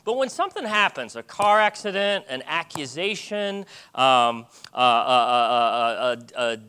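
A middle-aged man preaching a sermon in an animated way, often restarting his sentences. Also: medium pitch, unhurried, clean tone.

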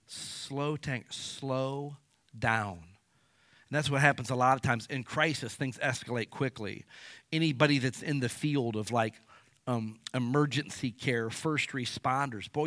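A middle-aged male pastor preaching a sermon in an animated way, with rhetorical questions and acted-out asides. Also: medium pitch, dry recording.

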